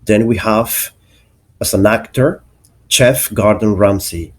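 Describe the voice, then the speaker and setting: A man's voice: lowish voice, slow pace. A man teaching an English pronunciation lesson, carefully enunciating each example word.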